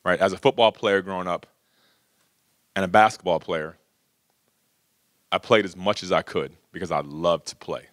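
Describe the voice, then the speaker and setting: A man's voice: low voice, normal speed, pauses often, fairly bright tone, no echo, studio quality. A middle-aged man speaking casually to an audience, telling stories with lots of "you know" and "right?". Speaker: speaker at a workshop. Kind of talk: casual storytelling talk to an audience.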